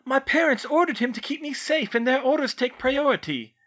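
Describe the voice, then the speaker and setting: A man's voice: very high-pitched, a little fast, a bit bright, pitched above the performer's own voice. A man voicing an anxious teenage schoolgirl witch who talks in a flustered rush. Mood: distraught.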